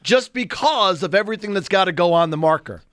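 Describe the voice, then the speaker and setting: A man in his sixties, a radio co-host, telling a self-mocking story in casual, animated chat. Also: high voice, fairly quick, dry recording.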